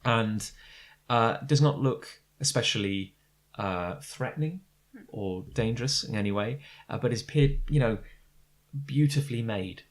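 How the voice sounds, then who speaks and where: A man's voice: mid-range voice, measured pace. A man narrating as game master of a tabletop game, describing scenes with many fillers and restarts. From Britain.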